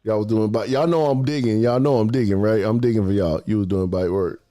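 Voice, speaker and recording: A man's voice: lowish voice, a little fast, dark tone, soft background music. A man hosting a casual podcast about dog training, talking in teasing, slangy banter.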